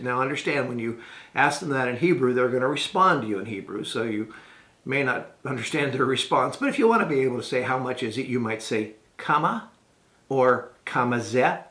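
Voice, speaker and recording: A middle-aged man leading a tour group, patiently teaching simple travel phrases and spelling words out slowly. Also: medium pitch, fairly bright tone. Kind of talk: casual spoken lesson to camera. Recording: roomy echo.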